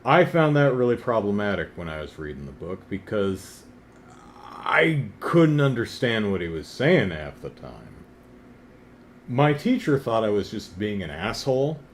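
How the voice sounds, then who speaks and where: A man's voice: lowish voice, sing-song, a little slow, slight background noise. A man in his thirties talking casually in a wry, self-deprecating way, sometimes building up to exasperated emphasis. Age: 30s. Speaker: comic book reviewer. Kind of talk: casual vlog commentary.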